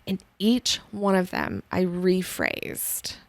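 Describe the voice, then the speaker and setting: A woman's voice: lowish voice, very animated, slow pace, gravelly, no echo. Woman life coach chatting on a podcast, lots of ums and likes, dry close sound. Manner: chatty, says um and like a lot. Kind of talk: casual podcast conversation.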